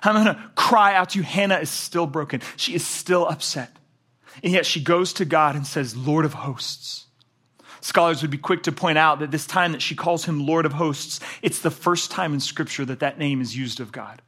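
A man preaching a sermon, animated, swinging between loud emphatic passages and low quiet ones. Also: normal speed. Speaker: pastor.

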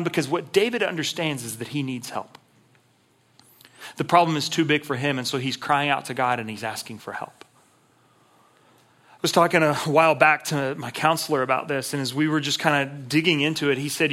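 A man preaching in an earnest, conversational manner, stumbling over and repeating words. His voice is slightly high and bright, with a forceful, pressing edge. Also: a little fast. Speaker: pastor. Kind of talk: sermon.

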